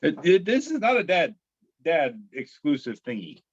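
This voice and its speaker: A man's voice: a little high, very animated, dry recording. A man co-hosting a casual podcast, reading memes aloud with lots of fillers and restarts. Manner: halting, many fillers and restarts. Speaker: podcast co-host. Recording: dry, slightly muffled podcast audio.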